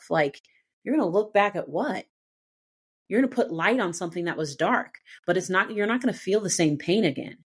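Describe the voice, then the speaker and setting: Woman guest, slightly low voice, earnest testimony, halting and heartfelt. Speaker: guest speaker. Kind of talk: testimony in a live Christian panel.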